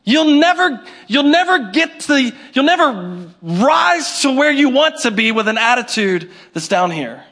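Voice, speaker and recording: A man preaching a sermon to his congregation, animated, with call-and-response and little acted-out scenes. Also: extremely high pitch, unhurried, hardly any pauses. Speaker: pastor.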